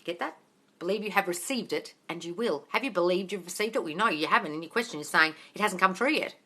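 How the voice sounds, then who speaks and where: Blunt, bright-voiced woman coaching on a livestream. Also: on the low side, fast talker. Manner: blunt and profane, calls viewers darling. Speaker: manifesting coach answering viewer questions. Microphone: phone.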